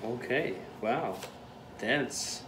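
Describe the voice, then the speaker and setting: A man's voice: medium pitch, extremely slow, a bit bright, slight background noise. A young man hosting a casual chat, joking and rambling with frequent laughs, in a room at home. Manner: jokey, rambling, laughs often. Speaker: host. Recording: echoey room.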